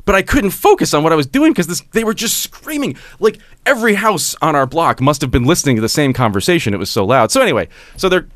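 A man tells a funny story in a rambling, stop-start way, his pitch swinging widely. The sound is dry and close, with no room around his voice. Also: very animated, fast talker, few pauses, a bit bright, no room sound. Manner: rambling, stammering restarts, laughs through it. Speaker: podcast co-host telling a story. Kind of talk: casual comedic storytelling.

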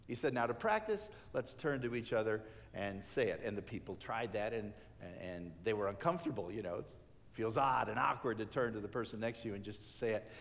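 A man's voice: medium pitch, lively intonation, fairly quick. A man preaching a sermon, telling a story and acting out the lines of the people in it. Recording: hall reverb.

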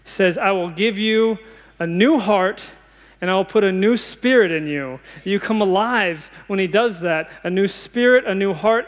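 A man's voice: high-pitched, in a large hall. A man in his thirties preaching a sermon, earnest and conversational, often restarting his sentences.

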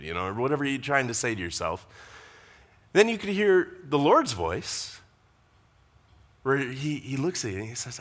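A man's voice: fairly high pitch, fairly bright tone. A man preaching a conversational sermon, with asides to the congregation. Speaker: pastor.

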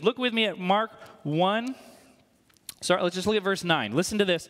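A man preaching a sermon in church, animated and conversational, quizzing the congregation. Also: high-pitched. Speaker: pastor. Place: church hall. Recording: long hall reverb.

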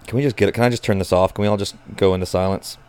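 A man reacting live to a baseball game as a nervous fan, cursing, groaning and pleading with the pitcher. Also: fairly even intonation, rapid-fire, darkish tone, clean tone. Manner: anxious, profane, swings from groans to outbursts.

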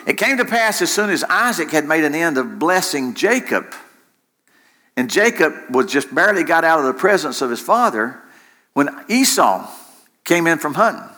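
A man's voice: on the high side, sing-song, normal speed, sharp tone. A man preaching a sermon in an impassioned way, repeating phrases for emphasis. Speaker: pastor.

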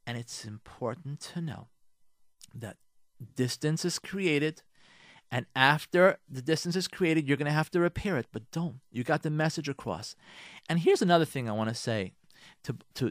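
At a normal pace and mid-range pitch, a radio host delivers marriage advice, hammering home his points and addressing his listeners head-on. He drops in religious words from Hebrew and Yiddish. The clean studio recording carries no room sound.

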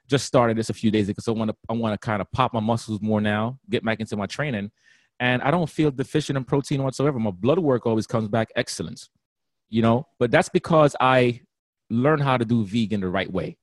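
A man, a guest personal trainer on a radio interview, talking in an animated, laugh-prone way. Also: medium pitch, fairly quick, dry recording. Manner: animated, laughs often, slips into playful voices.

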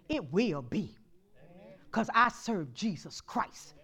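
A woman pastor preaching a sermon, swinging from soft asides to loud call-and-response exhortation. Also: on the high side, very animated, measured pace, pauses often.

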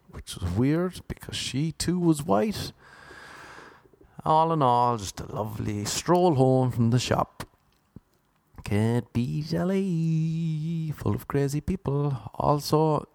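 A man's voice: on the high side, no echo. Wry man rambling on his podcast. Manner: wry, rambling storyteller with deadpan asides. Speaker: podcast host. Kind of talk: casual comedic monologue.

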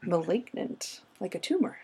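A woman's voice: fairly low pitch, very animated, moderate pace, warm tone, husky. A woman chatting casually with friends and reading a folklore account aloud dramatically, often breaking into laughter.

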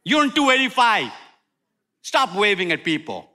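Male pastor preaching, high lively voice, bright tone, humorous, loud then hushed. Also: moderate pace. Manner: animated, humorous preaching with sudden loud and soft turns. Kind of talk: sermon.

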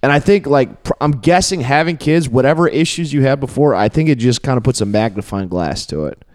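A man hosting a casual chat, relaxed and reflective, offering his views. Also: mid-range voice, brisk, dry recording, studio quality. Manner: relaxed, reflective, frequent short agreements.

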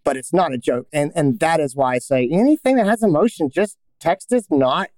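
A man with a fairly high voice hosts a casual podcast discussion. He talks in an emphatic, animated way and works through ideas with quick restarts. The sound is dry and close, with no room echo. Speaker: podcast host.

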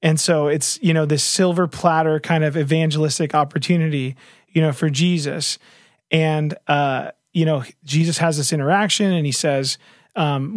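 A man's voice: a little high, steady tone, normal speed, no echo, clean studio sound. A man talking earnestly in a casual faith discussion, retelling a story with lots of fillers and restarts.

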